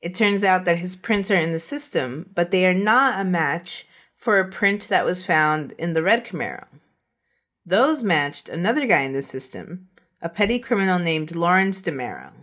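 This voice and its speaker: A woman's voice: lowish voice, expressive, normal speed, a bit bright. Laughing woman telling a crime story. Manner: laughs often, acts out quotes. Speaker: podcast host.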